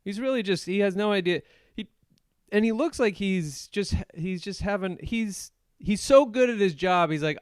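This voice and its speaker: A man hosting a podcast alone, casually recapping a film with jokes, laughs and quick put-on voices for the characters. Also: high voice, lively intonation, smooth, no echo, clean studio sound. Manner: joking, acts out movie characters in quick voices; laughs often while retelling. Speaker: podcast host. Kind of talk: solo casual movie recap.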